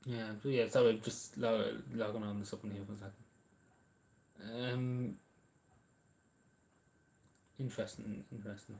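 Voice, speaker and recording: A man's voice: fairly low pitch, steady tone, a little slow, creaky, pauses often, darkish tone. An Irish man chatting casually on a livestream, answering viewers' messages in a rambling, hesitant way with lots of ums and restarts.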